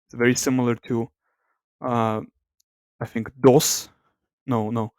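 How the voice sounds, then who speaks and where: A man with a smooth, resonant voice talks softly through an ASMR-style language comparison. He thinks aloud, hesitates and corrects himself often. The sound is close and dry, with no room around it. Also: medium pitch, flat delivery, slow pace, no room sound. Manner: soft-spoken, reluctant to talk aloud. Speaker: language video host.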